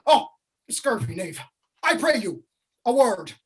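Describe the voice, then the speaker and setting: Woman playing a fussy old nurse, husky, groaning, raised pitch, stage reading. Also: big pitch swings, takes it slowly, exaggerated voice. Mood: teasing. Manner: moaning, dawdling, complaining of aches. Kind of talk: amateur stage reading of a classic play.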